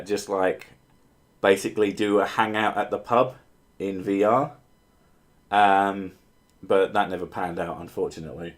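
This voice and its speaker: A man chatting casually on a livestream, answering viewers' comments in a rambling way, with frequent fillers, restarts and offhand swearing. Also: on the low side. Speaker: streamer answering chat.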